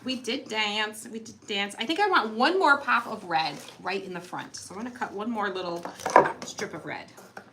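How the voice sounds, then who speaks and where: A woman's voice: medium pitch, animated, a little fast, background noise. A middle-aged woman hosting a live crafting tutorial from her home craft room, chatty and playful, laughing often and teasing. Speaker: craft show host.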